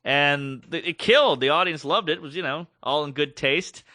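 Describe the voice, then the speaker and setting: A bright-voiced man co-hosting a podcast tells a story in casual chat, animatedly acting out quoted voices. His pitch is on the high side and his pace moderate, with clean studio sound and no echo.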